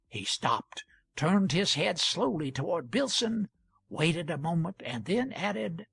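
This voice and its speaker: A man narrating an audiobook in a measured storytelling manner. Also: fairly high pitch, sing-song, creaky, fairly bright tone, husky, no room sound. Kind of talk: audiobook reading.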